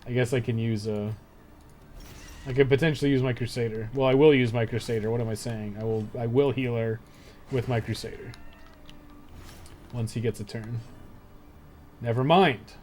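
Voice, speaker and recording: A young man streaming a dungeon game, talking in a relaxed, mid-pitched voice. He mutters, swears freely and chats to himself between turns. A soft hiss sits under his desk microphone. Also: normal speed, long pauses. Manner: laid-back, swears a lot, muttering asides. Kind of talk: casual live-stream commentary.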